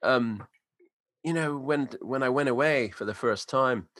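An American man with a mid-range, slightly bright voice tells a long, unhurried story in casual chat, full of likes, you-knows, and restarts. There's no echo on the recording.

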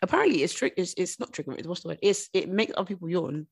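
A young woman co-hosting a podcast, telling stories in quick, animated casual chat. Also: on the low side, vocal fry, husky. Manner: quick, animated storytelling, many restarts. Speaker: podcast co-host.

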